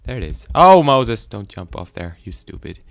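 A man's voice: low-pitched, brisk, creaky, dry recording. A man doing casual, rambling game commentary in a goofy, self-deprecating way, chatting to the animals on screen. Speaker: gaming YouTuber.

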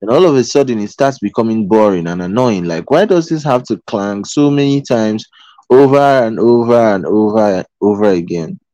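A man with a low voice gives a live motivational talk. He speaks earnestly and pleadingly, repeating key phrases and asking "okay?" as he goes. His tone is mellow and warm, and the recording is dry and close. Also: moderate pace, no room sound, poor audio. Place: in Qatar.

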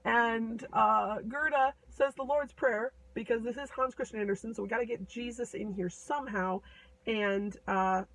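Woman retelling a fairy tale, super chatty and irreverent, highish voice, mic a bit far. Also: fairly even intonation, normal speed, a bit bright. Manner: irreverent, chatty, lots of fillers. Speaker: storyteller.

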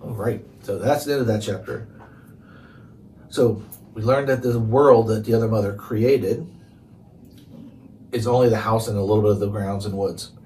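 A man's voice: lowish voice, fairly even intonation, normal speed, long pauses, darkish tone. A man reading a chapter book aloud and chatting casually about the story in between. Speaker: reader. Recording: distant mic with faint noise.

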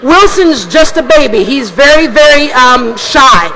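A man's voice: very high-pitched, expressive, unhurried. A man performing a ventriloquist act for kids at a party, talking to his puppet in a playful, coaxing way. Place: banquet hall at a staff party. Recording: noisy banquet hall with crowd.

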